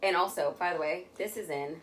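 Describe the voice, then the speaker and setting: Young woman podcast co-host, lower voice, laughing chatty storyteller, faint background noise. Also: a little fast. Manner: laughing, swearing, loose and chatty. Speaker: podcast co-host telling a true crime story. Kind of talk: casual chat.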